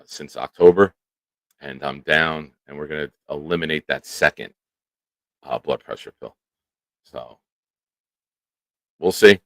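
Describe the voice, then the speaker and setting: A man hosting a casual live stream, animated and chatting with viewers by name. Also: a bass voice, no room sound. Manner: animated, talks to chat by name. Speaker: show host. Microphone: studio microphone.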